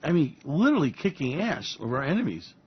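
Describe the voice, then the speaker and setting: A man's voice: on the high side, very animated, fairly quick, slightly rough. A man hosting a financial commentary show, talking in a sarcastic, profane, mocking way. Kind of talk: market commentary. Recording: dull lo-fi audio.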